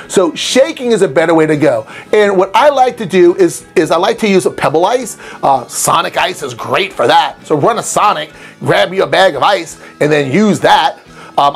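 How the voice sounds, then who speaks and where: Chatty high-voiced man with lively pitch. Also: husky. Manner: chatty and playful, rambling asides, silly mock voices. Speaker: cocktail channel host. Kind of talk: casual recipe talk to camera.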